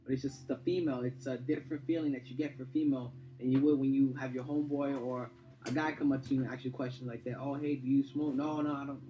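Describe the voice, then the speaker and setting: A man's voice: mid-range voice, steady tone, quick pace, dull audio, soft background music. A young man telling his story in a casual interview. He rambles, repeats words, and leans on fillers like "you know.". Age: young adult.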